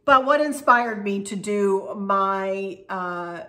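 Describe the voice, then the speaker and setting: A woman's voice: medium pitch, expressive, takes it slowly, sharp tone. A woman in her fifties hosting a craft and decor channel, answering viewer questions in a folksy, rambling way and laughing often. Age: 50s. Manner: chatty and rambling, laughs often, restarts and digresses; folksy and affectionate. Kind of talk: casual Q&A chat to viewers.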